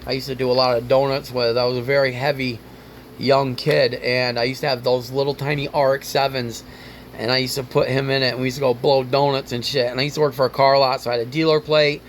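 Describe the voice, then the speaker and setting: A man's voice: mid-range voice, level tone, quick pace, slight background noise. A man hosting his own car vlog, rambling and ranting casually with frequent swearing. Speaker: car vlogger.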